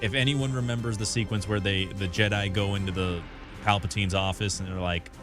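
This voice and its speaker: A man's voice: lowish voice, steady tone, brisk. A young man co-hosting a sports talk radio show, laid-back and wry, often laughing, with music behind. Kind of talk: casual sports chat.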